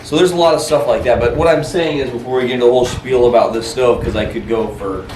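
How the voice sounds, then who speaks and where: Chatty campsite gear reviewer, man, mid-pitched, echoey outdoor recording with steady background noise. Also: fast. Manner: relaxed, chatty, laughs often. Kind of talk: casual outdoor chat.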